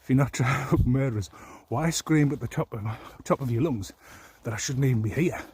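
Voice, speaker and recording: A man's voice: mid-range voice, a little fast, a little mellow, a little hiss or hum. A man ranting angrily to the camera in a rambling, profane, aggrieved way. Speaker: vlogger. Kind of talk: angry personal rant.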